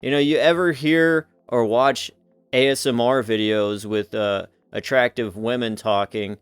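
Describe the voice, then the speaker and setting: Smooth-voiced man in a joking commentary. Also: mid-range voice, fairly even intonation, measured pace, no room sound, clean studio sound. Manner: rambling, joking. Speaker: commentary host. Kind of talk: casual commentary.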